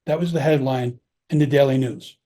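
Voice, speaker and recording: A middle-aged man, a former police officer, telling his own story in an interview in a blunt, heavily profane, animated way. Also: medium pitch, a little fast. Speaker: podcast guest recounting his prison time.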